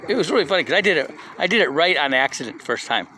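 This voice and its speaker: A man's voice: a little high, sing-song, quick pace, pushed and bright, slight background noise. A middle-aged man giving a casual motivational talk, telling personal stories in a loose conversational way and often checking in with "right?". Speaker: speaker at a community live session.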